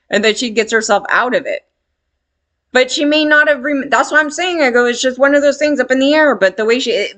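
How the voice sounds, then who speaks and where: A woman's voice: medium pitch, fairly bright tone. A woman telling a candid personal story in a rambling, emphatic way, swearing freely.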